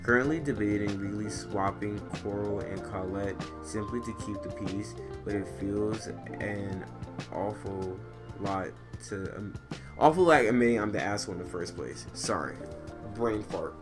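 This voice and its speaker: A lower-voiced man reads online posts aloud in a casual way while he plays a game. He keeps breaking off into loud, profane rants, and clear music plays under him the whole time. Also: normal speed. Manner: profane, loud, animated ranting. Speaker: streamer reading and reacting to online stories. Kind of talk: casual gaming commentary with rants. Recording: gameplay music behind the voice.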